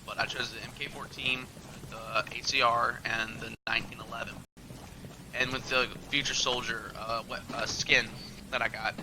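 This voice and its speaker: A man's voice: medium pitch, level tone, moderate pace, noisy background. A young man hosting a gaming channel, talking loosely with lots of fillers as he plays. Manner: rambling, loose and filler-heavy. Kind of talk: casual gameplay commentary.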